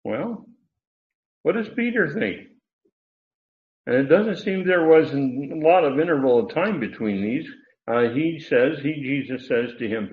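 A man's voice: fairly high pitch, lively intonation, unhurried. A man teaching a Bible passage verse by verse, explaining the Greek words with emphasis and correcting himself as he goes. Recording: tinny phone-like sound in an echoey room.

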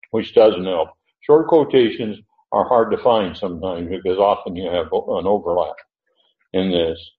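A man teaching through a Bible passage verse by verse, thinking aloud with many pauses and restarts. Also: fairly low pitch. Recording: echoey room on a tinny, phone-like line.

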